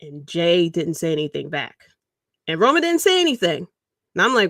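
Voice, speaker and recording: A man's voice: high-pitched, very animated, brisk, bright, forceful tone, no room sound, clean studio sound. A man hosting a podcast, rambling through casual wrestling commentary and acting out quotes with chuckles. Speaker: podcast host.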